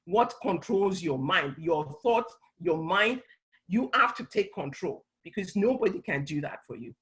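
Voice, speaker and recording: A woman's voice: on the low side, animated, unhurried, a bit bright, rough recording. A middle-aged woman speaking on a church talk panel, earnestly explaining and often restarting her phrases. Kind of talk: conversational teaching talk.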